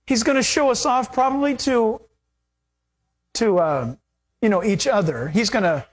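Animated male pastor preaching a sermon. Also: very high voice, unhurried, long pauses. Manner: animated, acts out quoted voices with laughter.

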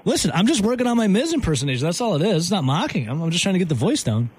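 A man's voice: sits high, very animated, racing, a little mellow, a little hiss or hum. A man hosting a sports talk radio show, joking and bantering with callers. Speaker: radio host.

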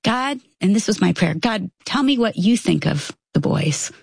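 A woman in her fifties with a low, gravelly voice, chatting about faith and telling animated stories. She acts out the quoted lines as she goes. The recording is close and dry. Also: moderate pace, dry recording. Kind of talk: casual faith chat.

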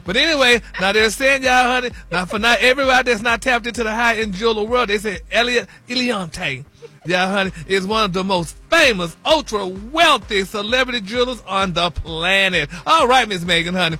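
A man's voice: high voice, a little fast, bright, forceful tone. A man delivering a comic celebrity gossip segment on a radio show, sassy and flamboyant, calling listeners honey and y'all.

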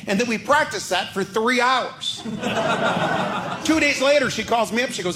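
A man's voice: extremely high pitch, unhurried, heavy background noise. A man doing stand-up, telling an exasperated story and acting out both sides of a phone call. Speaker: stand-up comedian.

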